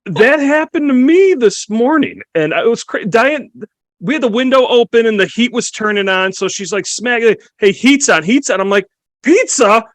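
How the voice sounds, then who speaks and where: A man's voice: extremely high pitch, moderate pace, no room sound. A man hosting a casual roundtable podcast, telling stories and acting out what people said. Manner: animated storyteller acting out quotes. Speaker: podcast host.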